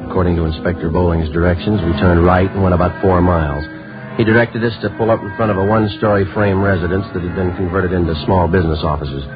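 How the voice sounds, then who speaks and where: A man playing a police sergeant who narrates in clipped, deadpan first person in an old radio drama. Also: low voice, fast, close to an everyday voice. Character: terse male police detective sergeant. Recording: old lo-fi radio recording with music.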